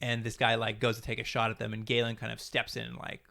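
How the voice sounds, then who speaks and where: Co-host, male, rapid-fire and gravelly, casual rambling recap with quoted lines. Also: medium pitch, monotone, sharp tone. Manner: fast, rambling retelling with acted-out quotes and laughs. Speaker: podcast co-host.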